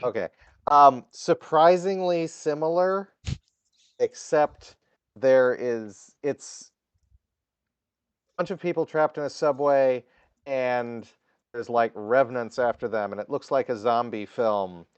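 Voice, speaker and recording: A man's voice: medium pitch, slow, pauses often, clear, resonant tone, no room sound. A man co-hosting a podcast, describing a film in dry, matter-of-fact casual chat. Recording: dull lo-fi mic.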